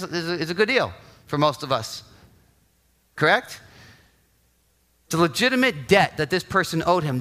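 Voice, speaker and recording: A male pastor preaches in an animated storytelling style, often checking in with the congregation with "right?" His voice sits high for a man and has a bright, forward tone. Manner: animated storytelling, acting out quotes, frequent "right?". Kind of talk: sermon.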